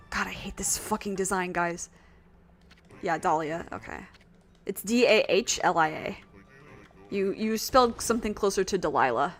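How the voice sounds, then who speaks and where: A woman's voice: fairly low pitch, sing-song, moderate pace, soft background music. A woman streaming a video game and chatting casually with viewers, rambling and self-deprecating, with lots of fillers. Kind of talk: casual gaming stream chat.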